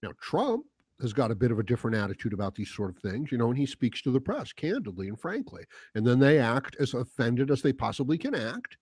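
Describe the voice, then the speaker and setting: A man's voice: mid-range voice, big pitch swings, brisk, darkish tone, husky, dry recording, clean studio sound. A man hosting a heated, profane commentary monologue, mocking the voices he quotes. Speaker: political commentary host. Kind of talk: casual monologue.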